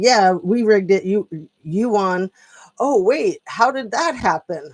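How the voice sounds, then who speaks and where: A woman's voice: fairly low pitch, darkish tone. A woman talking at home in a rambling, chatty political commentary vlog, often drifting off on tangents. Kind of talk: casual commentary monologue. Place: at home with a dog.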